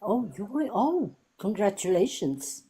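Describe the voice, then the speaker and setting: A woman's voice: mid-range voice, big pitch swings, a little slow, mellow, a little hiss or hum. A woman from Portugal with a Portuguese accent, a polite and earnest caller who apologizes often. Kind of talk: casual debate call.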